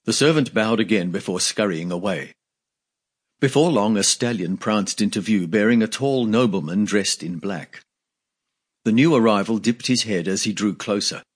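Husky low-voiced male audiobook narrator. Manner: measured, steady storytelling with lightly voiced dialogue. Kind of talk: scripted fantasy narration.

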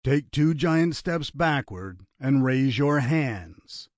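A man voicing a matter-of-fact male gunman who gives firm, flat orders. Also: a little high, takes it slowly, no echo, clean studio sound. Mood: commanding.

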